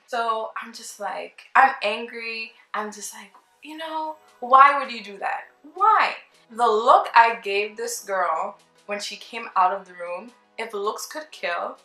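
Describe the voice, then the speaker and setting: A young woman vlogger telling a casual storytime, chatty and animated, acting out the people she quotes. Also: medium pitch. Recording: roomy with faint background music.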